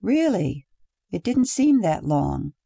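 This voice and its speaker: A woman reading the lines of a calm, precise young husband who speaks in slow, measured words. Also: sits high, vocal fry, slightly rough, dry recording, studio quality, heavily acted. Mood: calm, detached.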